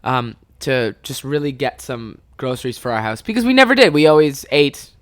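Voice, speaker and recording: A man's voice: medium pitch, normal speed, no echo. A young man from Canada hosting a podcast, telling a funny story casually, swearing often and breaking into laughter. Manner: animated, swears a lot, bursts into laughter. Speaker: podcast host.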